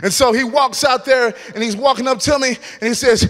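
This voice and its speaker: A man giving an animated testimony as a guest speaker at a church, acting out scenes from his story. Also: extremely high pitch, brisk. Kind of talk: testimony sermon. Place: church hall. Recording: long reverb of a church hall.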